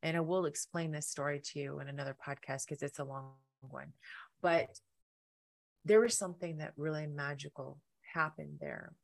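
A middle-aged woman hosting a podcast, telling a personal story in an animated way and acting out the lines of people in it. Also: vocal fry. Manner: animated, acts out quotes with big pitch jumps. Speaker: podcast host.

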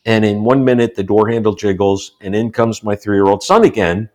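A man in his sixties from the United States, a guest telling personal stories in a relaxed interview and acting out the quotes. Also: moderate pace. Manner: animated storyteller, acts out quotes with rising pitch. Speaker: guest, author. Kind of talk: storytelling in a casual interview.

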